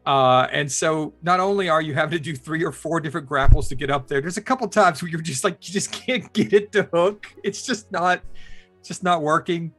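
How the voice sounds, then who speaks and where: A man's voice: fairly high pitch, a bit bright, soft background music. Hesitant man running a tabletop game. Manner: halting, restarts often. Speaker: dungeon master.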